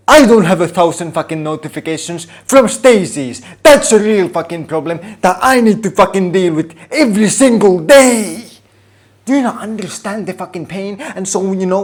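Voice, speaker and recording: A man ranting to camera in a comedic vlog, swearing heavily and delivering everything with mock outrage and ironic, over-the-top seriousness. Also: high-pitched. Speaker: vlogger.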